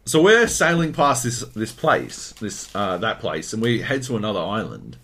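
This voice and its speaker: A lively, sing-song Australian man co-hosting a casual chat podcast. He recounts a gaming story with loose, rambling energy and plenty of swearing, voicing other people's lines as he goes. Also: on the low side, normal speed, breathy edge. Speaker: podcast co-host.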